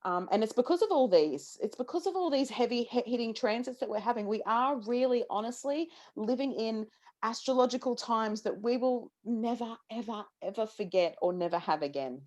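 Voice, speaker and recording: A woman in her thirties, a podcast co-host, talking in a lively, casual way with lots of restarts and the odd swear word. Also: fairly high pitch, normal speed. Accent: Australian. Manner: animated, swearing, many restarts. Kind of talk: casual astrology chat.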